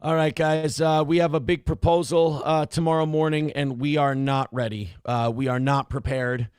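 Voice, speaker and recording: A man putting on a frantic, pushy office manager who pleads with his staff and then yells in high-pitched exasperation. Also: flat delivery, normal speed, clean tone, soft background music, lightly acted. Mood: urgent.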